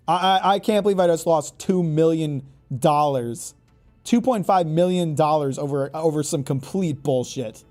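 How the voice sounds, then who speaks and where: High-voiced, exasperated man playing games. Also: unhurried, darkish tone, faint music behind. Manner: exasperated, profane, stammers and repeats words. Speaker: gaming YouTuber. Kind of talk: casual gameplay commentary.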